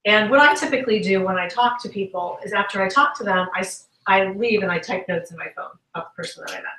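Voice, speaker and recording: A woman's voice: mid-range voice, fast. A woman giving a motivational talk to a business group, telling stories and acting out the conversations she describes. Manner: animated storytelling, acts out quoted conversations. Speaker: guest speaker and sales trainer. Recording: echoey room, voice from a distance.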